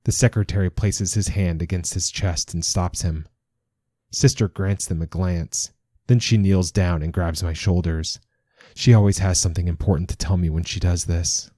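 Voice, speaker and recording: Deep, dark-voiced male narrator. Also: no room sound, studio quality. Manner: calm, measured storytelling with quoted voices. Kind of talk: scripted narration.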